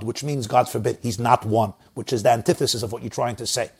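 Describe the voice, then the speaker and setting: Husky man teaching Hebrew pronunciation. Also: mid-range voice, fairly quick, hardly any pauses. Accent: Ashkenazi Hebrew pronunciation. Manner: reads Hebrew then translates, repeats pronunciations as examples. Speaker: Torah teacher. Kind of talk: lesson explaining a text line by line.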